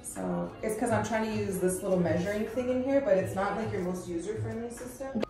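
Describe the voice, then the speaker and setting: Woman in casual chat with short remarks, roomy sound, clear music behind. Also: medium pitch, a little fast, distant mic. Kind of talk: casual chat during a hair dye session.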